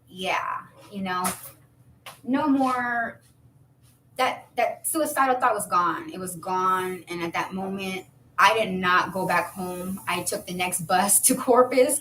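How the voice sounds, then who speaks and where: A woman's voice: bright, forceful tone, a little hiss or hum, rough recording. A woman in her thirties telling a personal story casually, rambling with fillers and restarts. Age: 30s. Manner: acts out quoted voices with high jumps. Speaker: vlogger.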